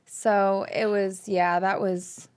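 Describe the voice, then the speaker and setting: A woman's voice: medium pitch, little pitch movement, takes it slowly, clear, resonant tone. A young woman co-hosting a casual faith podcast, speaking earnestly and from the heart. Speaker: podcast co-host.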